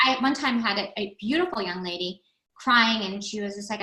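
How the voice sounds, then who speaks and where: A woman's voice: medium pitch, a little fast, pushed and bright. A middle-aged woman being interviewed about her recovery center, telling stories bluntly and animatedly, with frequent restarts. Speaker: guest, recovery center founder. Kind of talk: casual podcast interview. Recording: echoey room.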